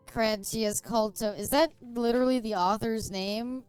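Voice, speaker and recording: A woman's voice: fairly high pitch, steady tone, takes it slowly, darkish tone, clean tone, dry recording, faint music behind. A woman streamer chatting casually and joking while reading aloud, often laughing. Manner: giggly, joking. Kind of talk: casual chat while reading in-game book.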